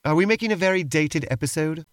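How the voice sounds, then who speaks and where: A man's voice: fairly high pitch, expressive, fast talker, no room sound. Dry skeptical guy cohost, prim and doubtful, voice goes up and down a lot. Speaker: co-host. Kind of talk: comedic improvised role-play banter.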